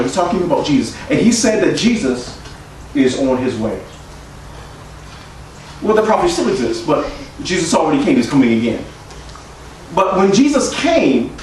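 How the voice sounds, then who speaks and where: A man preaching a sermon as pastor, calling out to his congregation and swinging between shouts and hushed asides. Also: sits high. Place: church sanctuary. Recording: echoey church room from far off, faint hiss.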